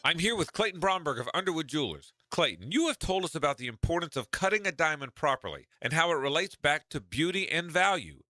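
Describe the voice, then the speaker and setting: A man's voice: on the high side, big pitch swings, quick pace, hardly any pauses, bright, forceful tone, no room sound, soft background music. A man interviewing a guest in a scripted radio advertisement, prompting with questions.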